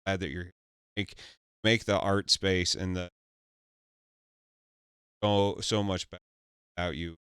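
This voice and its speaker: A man interviewing a guest in casual chat, halting and full of fillers as he praises. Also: deep voice, fairly even intonation, a bit bright, smooth, dry recording, studio quality.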